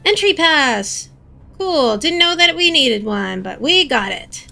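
A young woman commentating on her gameplay in a high, bright voice with a gravelly edge. She chats casually, makes jokey asides and is quick to be startled. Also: expressive, faint music behind. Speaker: gaming channel host.

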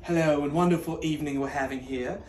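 A man acting as a grand, long-winded waiter at an upscale gala who can't stop embellishing. His voice is mid-pitched and pompous. It is recorded in an echoey room with some distance from the mic. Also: fairly even intonation, quick pace, darkish tone, soft background music, close to an everyday voice. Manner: pompous, rambling improvised patter. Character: overly chatty showy gala waiter.

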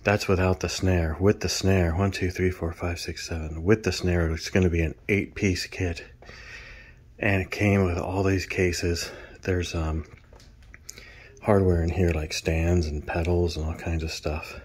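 A man's voice: low voice, flat delivery, measured pace, slightly rough. A man showing off gear in a casual, rambling way, out of breath from carrying things. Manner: rambling, counts items aloud. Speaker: drummer vlogger. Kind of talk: casual show-and-tell.

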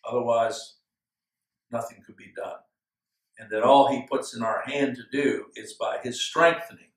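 A male pastor giving an earnest, measured sermon with slow, emphatic phrases. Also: medium pitch, fairly even intonation. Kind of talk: expository sermon. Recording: echoey room, from far off.

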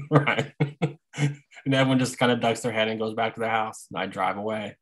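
A man's voice: lowish voice, moderate pace, poor audio. A man talking as a podcast guest in easygoing chat, laughing often.

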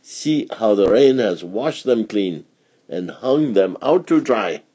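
Soft-spoken old grandmother for a storybook, voiced by a man, husky and gentle. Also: lowish voice, animated, slow, highs cut off, full character voice. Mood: tender. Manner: soft, soothing.

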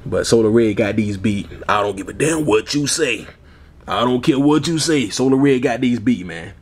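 A man talks casually in a sneaker vlog, relaxed and easygoing, with a middle-pitched voice. He often tacks on "man" and "you all", and he chuckles as he goes. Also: moderate pace, slightly rough. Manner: laid-back, repeats "man" and "you all" a lot. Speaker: sneaker vlogger. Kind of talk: casual chat.

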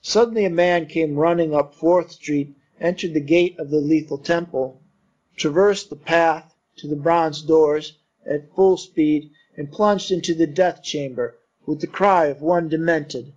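A man narrating an audiobook in a measured, steady storytelling voice. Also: on the high side. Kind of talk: audiobook reading. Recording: dull lo-fi recording.

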